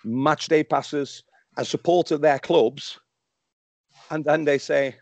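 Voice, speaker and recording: A man's voice: on the high side, fairly even intonation, takes it slowly, a little mellow, dry recording. Fired-up man on a dry call line. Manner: passionate and riled up, many restarts. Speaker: podcast guest, football fan. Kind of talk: casual podcast discussion.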